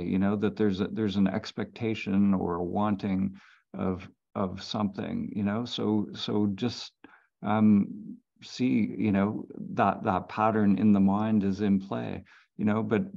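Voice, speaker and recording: A man, a meditation teacher, giving halting spiritual guidance over a video call, full of fillers. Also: lowish voice, creaky, a little mellow, dull audio. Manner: slow, halting, many fillers.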